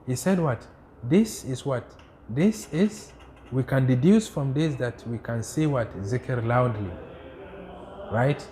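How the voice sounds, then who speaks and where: A man teaching a class on religion, who keeps asking rhetorical "what?" questions, answers them himself, and recites Arabic quotations quickly. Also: medium pitch, animated, warm tone, a little hiss or hum. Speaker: Islamic studies teacher.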